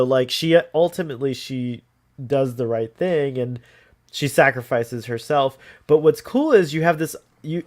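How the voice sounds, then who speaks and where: A man co-hosting a podcast, chatting casually and rambling with lots of "like" fillers. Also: mid-range voice. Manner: rambling, many "like" fillers, laughs easily. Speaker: podcast co-host. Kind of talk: casual chat.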